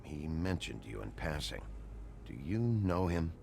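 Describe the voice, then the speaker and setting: Tough gruff game sheriff, very deep, gravelly, blunt questions, over game ambience. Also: male voice, very animated, a little slow, a little mellow, slight background noise, full character voice. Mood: probing. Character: gruff male sheriff detective, tough and weary. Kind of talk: video game acting.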